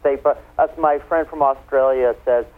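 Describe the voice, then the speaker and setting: A chatty man talks wine with easy, playful explanations, his voice sitting in a middling pitch. He comes through a thin, tinny phone line. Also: steady tone, moderate pace. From United States. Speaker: wine expert guest. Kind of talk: casual radio interview.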